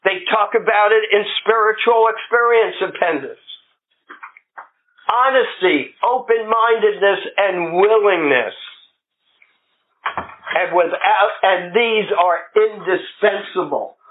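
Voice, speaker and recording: Middle-aged man, recovery meeting speaker, unhurried and anecdotal, lo-fi phone-like recording. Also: high voice. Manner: plain-spoken, anecdotal, self-deprecating humor. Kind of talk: personal recovery talk. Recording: phone-like lo-fi with faint hiss.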